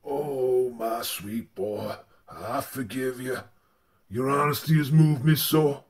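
A man voicing a solemn old colonial-era father scolding his son, slow and grave. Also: mid-range voice, pitched below the performer's own voice. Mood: stern.

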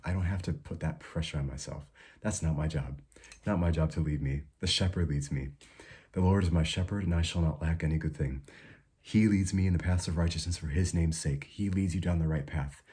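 A young man giving an informal devotional talk, soft-spoken and unhurried, with many fillers and restarts. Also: low-pitched, slightly rough. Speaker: preacher.

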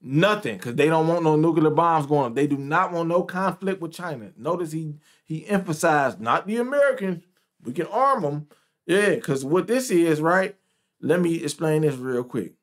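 A man's voice: on the high side, moderate pace. Profane, ranting man reacting to clips. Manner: loud, profane, repeating himself. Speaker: commentator.

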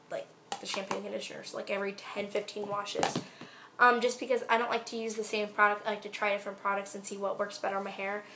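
A teenage girl beauty vlogger rambles casually through her hair care products in a product review vlog, using lots of fillers. Her voice is mid-range and a bit bright, with a little hiss or hum on the recording.

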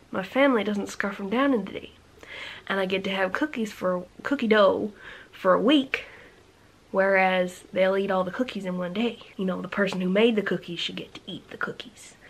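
Woman book vlogger, mid-pitched voice; casual, fast, bubbly chat to camera with the odd hushed aside. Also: rough recording. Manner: quick, energetic and chatty, with playful rhetorical questions.

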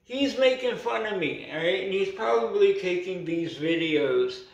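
A man's voice: high voice, expressive, normal speed, gravelly, far from the mic. A man who speaks a bit unclearly because he has no teeth, ranting defiantly in a casual vlog and peppering his talk with "you know" and "right". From Canada. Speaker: vlogger. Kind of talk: casual vlog rant to camera. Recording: roomy echo, voice away from the mic.

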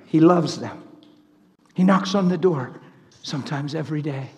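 A man preaching a sermon full of stories, animated, swinging from loud laughter to near whispers. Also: on the high side, moderate pace, big-room sound. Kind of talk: sermon with storytelling.

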